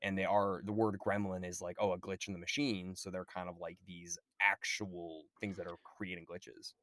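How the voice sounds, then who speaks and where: A man co-hosting a podcast in casual chat, relaxed, swearing freely and saying "dude" and "like" a lot. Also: low voice, moderate pace, no room sound. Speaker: podcast co-host.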